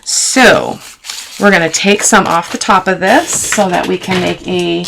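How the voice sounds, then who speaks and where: A woman with a low, gravelly voice talks her viewers through a craft project at her table, chatty and quick to poke fun at herself. Paper crinkles and clicks sit under her voice, with steady background noise in the recording. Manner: chatty, talks to viewers while working, self-teasing. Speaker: craft channel host. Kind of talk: casual crafting tutorial.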